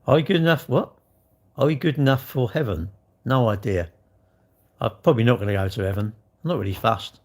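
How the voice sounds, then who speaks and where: A man's voice: medium pitch, normal speed, pauses often. A man with a British accent hosting a casual livestream, answering chat comments in a blunt, rambling way. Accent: British English.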